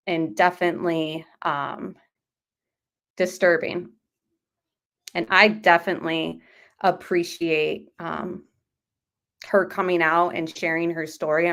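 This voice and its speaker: Woman, true crime stream host, slightly low voice, casual rambling commentary, lots of fillers. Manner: rambling, many fillers and hedges.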